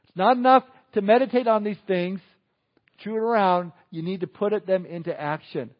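Male pastor, conversational sermon, chuckling asides, slightly high voice, muffled lo-fi sound. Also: moderate pace.

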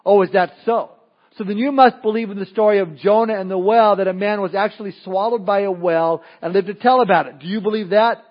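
A booming, scornful older atheist , as a preacher puts him on, firing sarcastic questions in a high, pressing voice. The recording is dull and lo-fi, with the top end muffled. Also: male voice, fairly even intonation, brisk. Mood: mocking. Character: older male atheist intellectual, mocking, booming.

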